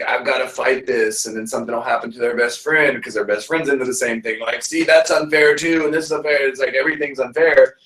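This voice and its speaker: A man hosting a casual interview, musing out loud in a relaxed way with lots of fillers. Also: mid-range voice, roomy sound, far from the mic, low-quality recording. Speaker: show host.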